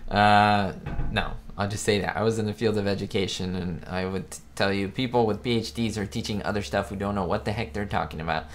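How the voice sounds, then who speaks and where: A man with a slightly low voice hosts a casual live stream. He talks on in a chatty, rambling way. He often breaks off to fix his own facts. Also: fairly bright tone, slight background noise. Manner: rambling, chatty, self-correcting. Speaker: host of a live chat show. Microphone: webcam setup.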